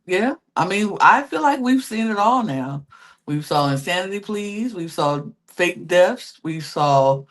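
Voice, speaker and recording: A young woman co-hosting a podcast, telling stories in an expressive, emphatic way as she chats casually about a reality show. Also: fairly low pitch, a little slow. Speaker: podcast co-host. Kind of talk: casual reality-TV recap chat.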